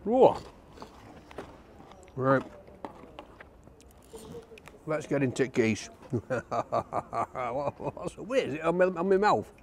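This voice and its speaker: A man's voice: fairly high pitch, expressive, extremely slow, long pauses, darkish tone, a little hiss or hum. A man reviewing a takeaway outdoors, chatting and gushing over every bite. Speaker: food reviewer. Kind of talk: casual food review to camera.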